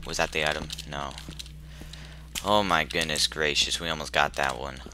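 A man commenting nervously on a horror game he plays, jumpy and talking to himself, with sudden loud outbursts. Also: rumbling low, steady tone, normal speed, noisy background. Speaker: gaming YouTuber.

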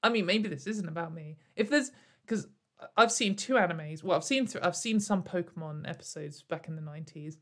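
This young woman's voice sits fairly low and moves a little quickly. At home in front of a camera, she delivers sarcastic, casual YouTube commentary, wandering off-topic with lots of fillers and laughing often.

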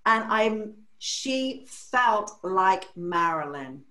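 An older woman from England, a hairdresser telling stories in an interview, animated and acting out the voices of people she quotes. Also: medium pitch, very slow, reverberant, rough recording. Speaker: hairdresser and educator. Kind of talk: storytelling in a podcast interview.

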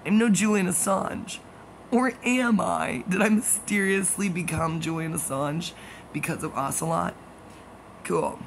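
A man talks in a loose, wandering monologue, trading jokey gossip and side remarks. His voice sits a bit high and has a gravelly, fried edge. A steady air-conditioning hum runs clearly underneath. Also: moderate pace, poor audio. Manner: meandering, jokey, gossipy asides with frequent laughs. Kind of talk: rambling casual monologue.

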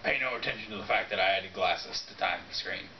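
A man playing a sulky priest figure in a homemade comedy skit, answering with deadpan, defensive comebacks. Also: deep voice, brisk, creaky, a little hiss or hum. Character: sulky male clone priest who plays dumb. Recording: echoey, distant, muffled home camera.

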